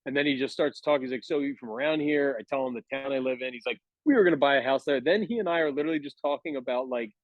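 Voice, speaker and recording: A man's voice: medium pitch, very fast, few pauses, no echo, phone-quality sound. A man in his thirties telling a long, rambling story on a podcast, laughing as he goes. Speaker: podcast guest. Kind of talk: casual chat, storytelling.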